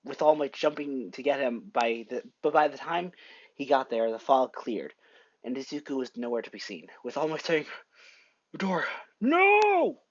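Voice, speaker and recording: A man casually narrating a fan story, halting often and correcting himself. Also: mid-range voice, no echo, dull audio. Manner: halting, with frequent self-corrections.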